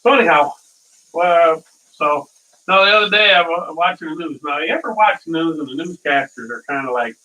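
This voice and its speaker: A man's voice: on the high side, fairly quick, bright, forceful tone. A man hosting a casual live cooking stream, rambling through stories and chuckling at his own dad jokes, from a distant mic.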